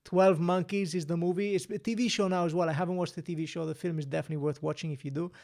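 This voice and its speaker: A man's voice: fairly high pitch, steady tone, rapid-fire, a little mellow. A man hosting a casual live-stream quiz, chatting, reading out answers and scores, and laughing often. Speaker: quiz host.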